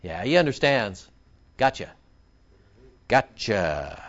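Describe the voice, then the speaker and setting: Brief: confrontational male pastor, animated pitch swings, dull lo-fi recording. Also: slow pace. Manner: emphatic, confrontational, scolding. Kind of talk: sermon.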